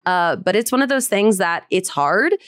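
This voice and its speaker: A woman's voice: mid-range voice, expressive, a bit bright, no room sound. Young woman, bubbly interview guest, laughs between thoughts, dry close sound. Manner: bubbly, laughs often, quick asides. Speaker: voice actress guest. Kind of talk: casual interview chat.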